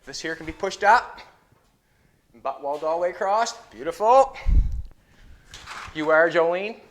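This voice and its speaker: A Canadian man hosting a car-building show takes his time, his slightly high voice full of lively intonation. As a metal fabricator in a car workshop, he chats and explains each step of his metalwork in hands-on build commentary.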